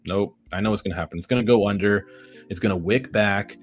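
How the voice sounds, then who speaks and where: A man's voice: fairly low pitch, quick pace, faint music behind. A man giving live commentary on his day trades, ranting at the market with heavy profanity and sarcastic self-mockery.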